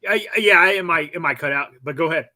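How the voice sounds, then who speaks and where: A man hosting a casual interview, a Marine veteran who stops to explain things for his listeners in a relaxed way. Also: on the high side, fast, dry recording, low-quality recording. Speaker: podcast host, Marine veteran.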